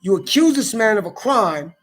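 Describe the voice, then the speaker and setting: A man's voice: sits high, lively intonation, normal speed, soft background music. A middle-aged man ranting in a casual, profane monologue, blunt and repetitive, full of slang. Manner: repeats himself, emphatic. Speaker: video ranter.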